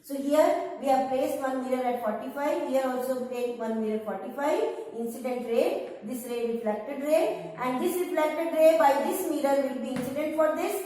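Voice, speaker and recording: A woman's voice: high voice, normal speed, few pauses, dark tone. A woman teaching a science class, explaining step by step and repeating key points patiently. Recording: echoey room, far from the mic.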